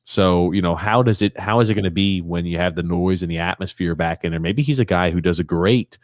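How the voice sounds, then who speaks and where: A man's voice: low voice, brisk, no room sound, studio quality. A man hosting a sports podcast who reads out listener comments in chatty, casual talk. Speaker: podcast host.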